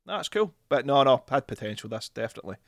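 A man's voice: medium pitch, big pitch swings, fast, gravelly, no echo, studio quality. A Scottish man hosting a casual chat, steering the talk and passing turns to the others, swearing freely. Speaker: podcast host leading the discussion.

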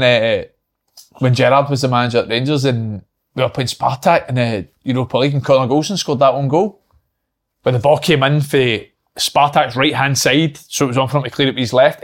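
A man on a football podcast panel, calmly recounting match moments in casual chat. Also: medium pitch, fast talker.

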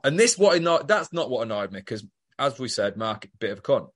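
A man's voice: medium pitch, big pitch swings, fairly quick. A man co-hosting a podcast, talking bluntly and swearing in casual, mock-exasperated chat. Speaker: podcast co-host. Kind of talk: casual chat recapping a soap.

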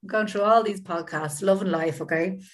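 An Irish woman co-hosting a podcast, telling stories in a sweary, animated way. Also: medium pitch, normal speed. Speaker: podcast co-host. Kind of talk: casual chat.

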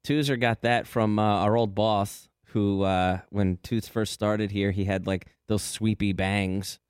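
A man's voice: fairly low pitch, steady tone, measured pace, a little mellow, smooth, dry recording. A man co-hosting a casual chat, wry and dry, steering the talk with questions.

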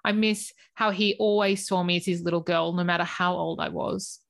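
A woman's voice: on the low side, fairly even intonation, moderate pace, vocal fry, no room sound. A woman co-hosting a podcast, reading listener messages aloud and chatting easily between them. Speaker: podcast co-host.

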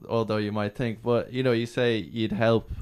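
Smooth-voiced man telling a story. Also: lowish voice, normal speed. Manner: animated storyteller acting out quotes. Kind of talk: casual chat, anecdote.

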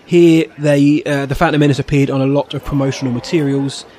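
A man's voice: a little high, little pitch movement, a little fast, dark tone. A man from England co-hosting a podcast, casually chatting and reading out listener messages with a jokey manner and frequent laughs. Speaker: podcast co-host.

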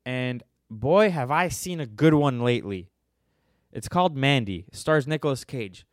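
A man's voice: medium pitch, lively intonation, measured pace, no echo. Young male podcast host, loose and joking, dry close mic. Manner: irreverent, joking, laughs at own answers. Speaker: podcast host answering listener questions. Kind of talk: casual podcast chat.

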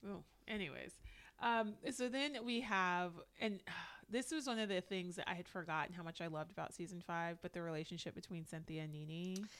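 A woman's voice: lowish voice, moderate pace, a bit bright, clear, resonant tone. Woman co-hosting a recap podcast, chatty, says like a lot, quotes people in funny voices. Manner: chatty, lots of "like" fillers, quoting people in put-on voices. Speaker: podcast co-host. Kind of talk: casual recap chat.

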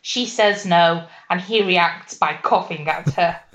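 A woman's voice: fairly low pitch, takes it slowly, a bit bright, dull audio. A woman co-hosting a podcast, chatting casually and joking about a TV series. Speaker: podcast co-host. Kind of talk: casual chat reviewing a TV series.

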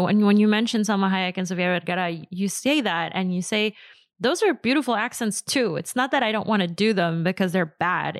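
A woman's voice: medium pitch, no room sound, clean studio sound. A woman hosting an interview podcast, asking thoughtful questions and affirming her guest with casual fillers. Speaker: podcast host.

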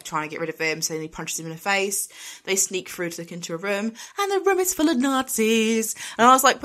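A woman's voice: fairly low pitch, bright, forceful tone. A woman recapping a film in casual chat, chatty and giggly with exasperated asides. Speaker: podcast co-host recapping a film.

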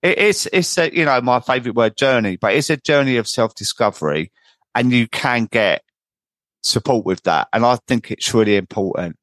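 Male podcast host, mid pitch, chatty and affirming, dry close sound. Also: expressive, normal speed, fairly bright tone, no echo. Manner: affirming and chatty, with frequent restarts and tag questions. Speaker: podcast host and sobriety coach. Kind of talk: conversational interview.

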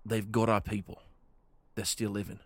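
A man's voice: on the low side, level tone, no echo. A man voicing a breathless, anxious young male scout who stammers and pants as he talks. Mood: urgent. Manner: stammering, panting, hurried.

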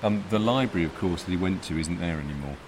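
A man's voice: deep voice, fast, slight background noise. A man from the south of England co-hosting a walking podcast in a shopping arcade, explaining the route step by step. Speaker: podcast co-host. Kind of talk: casual walking chat.

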